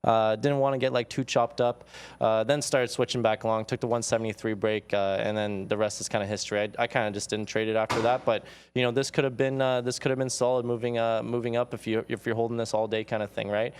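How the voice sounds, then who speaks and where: Excitable male trader, resonant voice. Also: medium pitch, quick pace, smooth. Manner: excited, filler-heavy, says "like" a lot. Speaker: day trader on a trading show. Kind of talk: casual trade recap. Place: trading floor studio.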